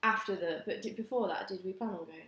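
A woman's voice: medium pitch, fast talker, fairly bright tone. A young woman co-hosting a podcast in casual chat, chiming in with questions and comments. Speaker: podcast co-host. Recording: echoey room.

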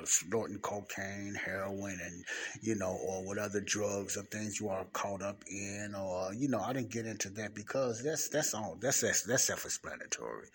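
A man giving an informal podcast Bible teaching in a library study room, rambling and repeating himself while keeping his voice low, close to the mic. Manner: rambling, repeats and restarts words, talks low and quiet. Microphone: speaking close to the mic. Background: faint passing traffic.

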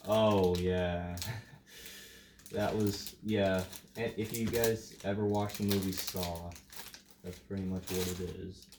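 Rambling low-voiced man in a roomy space. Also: steady tone, slow. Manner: rambling, trails off and restarts. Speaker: podcast co-host. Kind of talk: casual movie review chat. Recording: roomy, distant mic, faint hiss.

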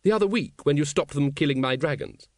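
A male narrator putting on a big-hearted aristocratic dragon breeder, flustered and awkward, voiced high and lively. She speaks in a hearty rush for an audiobook. The sound is close and dry. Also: a little fast, no echo. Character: gruff, aristocratic large woman, dragon breeder.

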